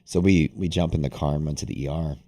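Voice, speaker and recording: Casual streamer host, young man, very deep voice, loose rambling storyteller. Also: fast talker. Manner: rambling, animated, heavy use of "like". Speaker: day-trading livestream host. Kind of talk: casual storytelling to a live audience.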